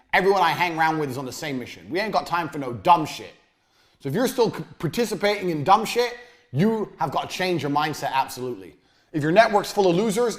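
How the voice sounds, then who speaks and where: A man giving a blunt, profane motivational business lecture, swinging between loud jabs and low muttered asides. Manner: blunt, aggressive, swears constantly. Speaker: business coach.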